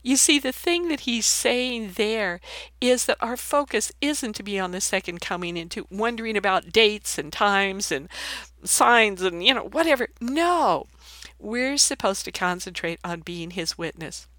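Animated woman teaching the Bible. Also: mid-range voice, moderate pace, dry recording. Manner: conversational, animated, laughs while teaching. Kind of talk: Bible reading and sermon commentary.

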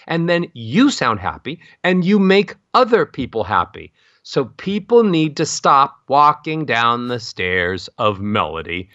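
A middle-aged man coaching on voice, talking expressively and swooping his pitch up and down to show melody. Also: big pitch swings, a little slow, sharp tone, no room sound, dull audio. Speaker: vocal coach. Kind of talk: expressive instructional talk with sung-like demonstrations.

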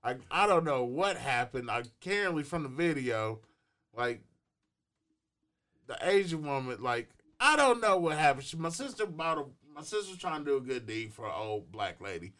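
A man's voice: medium pitch, big pitch swings, normal speed, a bit bright. A man co-hosting a talk show in a studio, telling a story casually with heavy profanity. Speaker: co-host. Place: radio studio.

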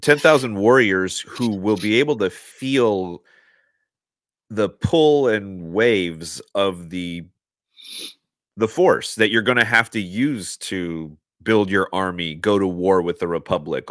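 A man co-hosting a fan podcast, speaking in a measured, thoughtful way and repeating words as he starts sentences. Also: low-pitched, a bit bright, no echo. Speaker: podcast co-host. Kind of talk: casual fan chat.

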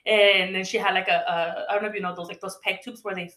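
A woman's voice: mid-range voice, level tone, quick pace, a bit bright. A woman in casual podcast chat, telling stories in a chatty way and acting out the voices of people she quotes. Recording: echoey room.

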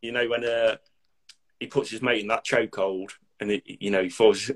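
A man's voice: lowish voice, steady tone, normal speed. Blunt army veteran man. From Derby, England. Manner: blunt, swears freely, dark humour. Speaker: military veteran. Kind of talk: casual podcast chat.

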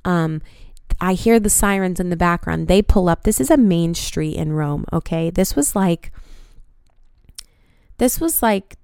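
A young woman in her twenties hosting a podcast, telling a story in an animated way with frequent swearing. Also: fairly low pitch, a little slow, long pauses, clear, resonant tone, dry recording, clean studio sound. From United States. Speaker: podcast host. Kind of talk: casual storytelling.

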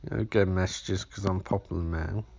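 A man's voice: low voice, fairly even intonation, fairly quick, gravelly, darkish tone, highs cut off. A man hosting a comic podcast, rambling and profane, speaking from bed in a hotel room. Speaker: podcast host. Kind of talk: comic film recap.

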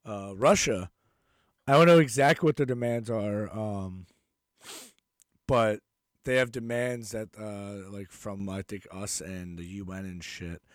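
A man's voice: fairly low pitch, measured pace. A man co-hosting a podcast in loose, crude banter. He rambles, swears freely and breaks into laughs. The sound is close and completely dry, with no room echo. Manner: profane, rambling, laughs often. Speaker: podcast co-host.

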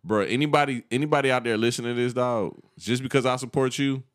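A man's voice: mid-range voice, fast talker. A young man co-hosting a casual podcast, telling stories in slang and acting out what other people say. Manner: animated, slangy storytelling with acted-out quotes. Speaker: podcast co-host.

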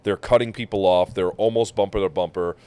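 With a low-pitched, clean-toned voice and a brisk delivery, this podcast host shares a travel tale casually. He swears freely and brings the people he met to life by acting out their words.

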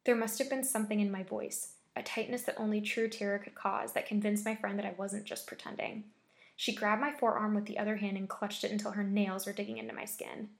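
A woman reading a scary story aloud with steady, measured storytelling. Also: mid-range voice, vocal fry. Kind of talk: scripted horror story narration.

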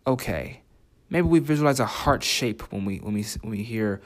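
A man's voice: fairly low pitch, expressive. A man teaching a writing lesson, reading quoted lines and asking the listener reflective questions. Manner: reflective, asks listeners questions, reads lyric quotes slowly. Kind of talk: spoken lesson comparing translations.

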